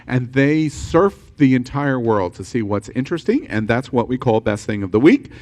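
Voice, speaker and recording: Lively man hosting a live chat show. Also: mid-range voice, normal speed. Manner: lively, laughing, interrupts guests. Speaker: talk show host. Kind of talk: live-stream panel chat.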